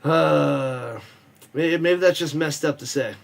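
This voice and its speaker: This football watch party stream is hosted by a man whose voice sits on the high side, slow and gravelly. He rambles and jokes, reads viewer messages aloud, and calls the plays in easygoing live-stream chat.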